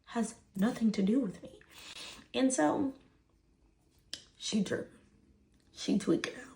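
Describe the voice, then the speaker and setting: A woman's voice: fairly high pitch, slow, vocal fry, dark tone. A woman, casually telling a personal story full of fillers and "right?". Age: 20s.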